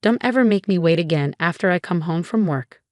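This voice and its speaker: A woman reading the lines of a cold, demanding husband in a flat, even way. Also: on the low side, a little fast, no room sound, clean studio sound, lightly acted. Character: cold controlling husband, adult man.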